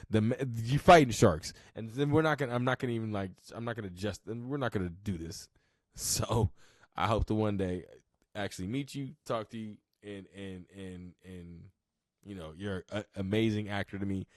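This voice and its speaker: Podcast host: low-voiced man, relaxed and profane, chuckling through his reactions, dry sound. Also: normal speed, no echo. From Southern California. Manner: laid-back, profane, laughs a lot. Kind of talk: casual reaction commentary.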